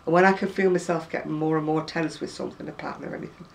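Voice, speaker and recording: An older English woman, a crochet vlogger, chats casually to camera about her work in a rambling, self-deprecating way. Her low voice has vocal fry, fairly even intonation, and a racing pace. The mic is distant, with faint room noise.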